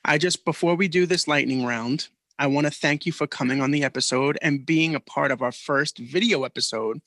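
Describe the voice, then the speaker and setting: Profane, animated podcast co-host man. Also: on the high side, a little fast, no room sound. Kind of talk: casual chat.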